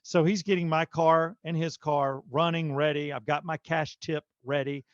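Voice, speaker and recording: Animated man telling a story on a podcast. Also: a little high, normal speed, dry recording, muffled recording. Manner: animated storyteller, filler-heavy. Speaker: podcast host. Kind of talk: casual podcast chat.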